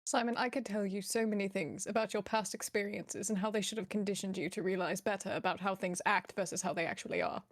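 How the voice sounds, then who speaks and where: A woman's voice: mid-range voice, steady tone, fast, few pauses, no room sound. A woman playing a tabletop game, speaking in character with dry, precise lecturing. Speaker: player. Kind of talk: tabletop role-play.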